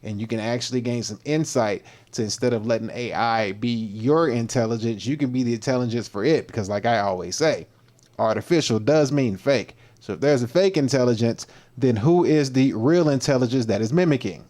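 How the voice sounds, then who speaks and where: A man's voice: mid-range voice, a little fast, darkish tone. A man hosting a fitness livestream, chatting casually in slang and greeting viewers by name.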